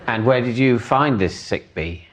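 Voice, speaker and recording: Panel show guy poking at a story, animated and wordy, noisy studio. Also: medium pitch, unhurried. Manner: quizzical, wordy, building logical arguments. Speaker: team captain. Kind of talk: comedic cross-examining and reasoning.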